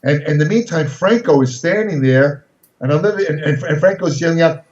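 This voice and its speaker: An older man telling an animated story in an interview, often repeating words and restarting his sentences. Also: on the high side, brisk. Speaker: guest storyteller. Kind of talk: casual interview anecdote. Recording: echoey, slightly dull recording.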